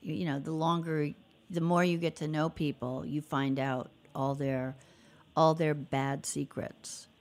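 Woman interviewer, low-pitched, slow-paced, encouraging with steady affirmations. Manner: encouraging, frequent affirming murmurs. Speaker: podcast host, interviewer. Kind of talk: casual interview conversation.

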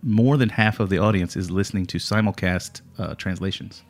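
A man hosting a podcast, telling stories in a casual chat with a co-host, chuckling and trailing off low at the ends of lines. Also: brisk, soft background music. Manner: storytelling, chuckling, drops to a low mumble at line ends.

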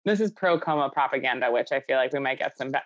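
A woman co-hosting a podcast, chatting casually and trading deadpan, sarcastic jokes. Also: a bass voice, quick pace, dry recording. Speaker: podcast co-host. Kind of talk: casual comedic chat.

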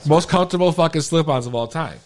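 A man's voice: a little high, fast talker. A tipsy man hosting a podcast, telling stories in casual banter with lots of swearing and stumbling over his words. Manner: profane, animated storytelling. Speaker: podcast host. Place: podcast studio.

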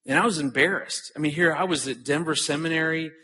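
A man's voice: a little high, quick pace, pushed and bright. A man in his forties giving an earnest conference talk, telling a personal story and often repeating words as he starts a sentence. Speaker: conference speaker.

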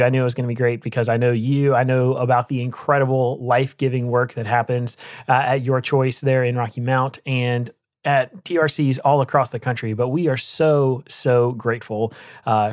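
A man's voice: mid-range voice, dry recording, clean studio sound. A man hosting a podcast, thanking a guest and moving to the next segment. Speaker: host.

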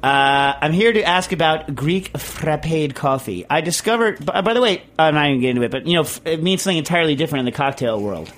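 A man from Connecticut hosting a podcast, reading listener questions in a rambling, excitable way. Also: a little high, fast talker, hardly any pauses, slight background noise. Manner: rambling, excitable, tells stories with put-on voices. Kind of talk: casual chat.

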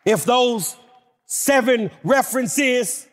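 A man preaching a sermon with emphatic delivery that builds to shouted declarations. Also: extremely high pitch, slow. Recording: long hall reverb.

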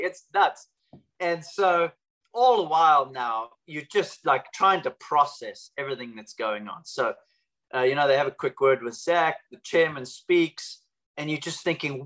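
A man's voice: fairly high pitch, measured pace, a bit bright, poor audio. A man, a golf champion guest, telling a story in a chatty way with fillers. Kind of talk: casual storytelling.

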